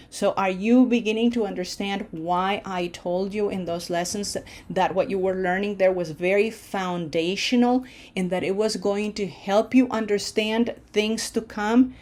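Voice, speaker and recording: Slow, patient woman teaching a lesson. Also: medium pitch, a little mellow. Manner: patient, explains step by step, frequent "okay?" check-ins. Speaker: Spanish teacher. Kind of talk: online language lesson.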